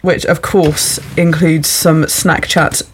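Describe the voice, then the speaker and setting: A woman with a slightly low voice hosts a relaxed podcast quiz. She is chatty and upbeat, and she laughs easily between questions. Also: takes it slowly, husky. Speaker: podcast host. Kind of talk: casual chat quiz.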